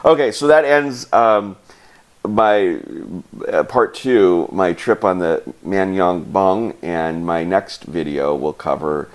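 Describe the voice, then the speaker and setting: A man telling a travel story in a casual, animated way, laughing often and acting out the people he met. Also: deep voice, takes it slowly. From United States. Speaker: travel vlogger.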